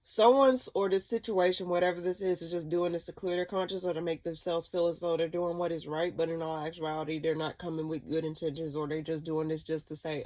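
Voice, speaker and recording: A woman's voice: low-pitched, fairly even intonation, a little fast, hardly any pauses, mellow. A woman doing a casual tarot reading, blunt and profane, given to ranting. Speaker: tarot reader.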